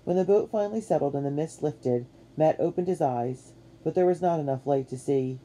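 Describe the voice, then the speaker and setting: A woman giving a measured, expressive narration of a children's storybook. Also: low-pitched. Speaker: audiobook narrator.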